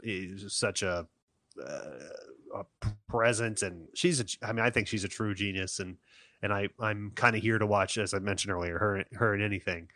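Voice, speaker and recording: A man's voice: lowish voice, steady tone, normal speed, bright, forceful tone, dry recording, clean studio sound. A man co-hosting a casual film discussion, rambling and joking with many restarts. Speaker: podcast co-host.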